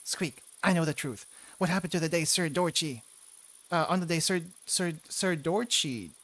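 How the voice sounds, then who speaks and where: A man voicing a remorseful male mouse count, reading game dialogue in a stiff, formal way, breaking into little squeaks. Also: moderate pace, a bit bright. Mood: solemn. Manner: stiff old-fashioned formal speech punctuated by squeaks.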